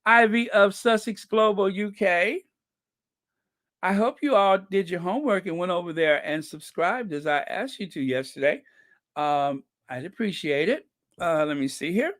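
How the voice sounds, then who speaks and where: A man hosting a casual livestream, reading viewer comments aloud slowly and chuckling between them. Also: fairly high pitch, expressive, dry recording, clean studio sound. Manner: slow and chatty, reads comments aloud with frequent "let me see" and chuckles. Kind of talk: casual live-chat commentary.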